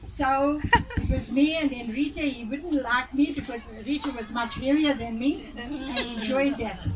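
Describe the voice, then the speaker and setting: A woman's voice: sits high, normal speed, background noise. A woman with a South African accent telling family stories at a reunion, often laughing as she goes. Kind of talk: casual family storytelling. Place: outdoor family gathering. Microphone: phone recording from a distance. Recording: distant phone recording with chatter around.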